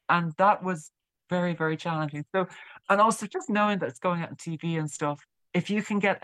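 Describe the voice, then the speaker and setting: Being interviewed, a woman who plays music talks in a fairly low-pitched voice. Her storytelling is casual and halting, with repeated words, and the recording is poor quality with no room sound.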